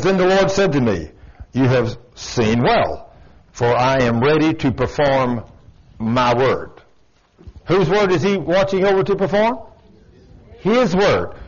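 A man preaching a sermon in a church, folksy and emphatic, telling stories to his congregation. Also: fairly high pitch. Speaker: pastor. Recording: dull lo-fi church recording.

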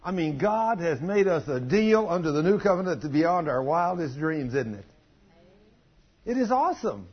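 Folksy older pastor, husky. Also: male voice, a little high, moderate pace, few pauses, highs cut off. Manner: folksy, animated storytelling with dialect grammar. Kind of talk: sermon with storytelling.

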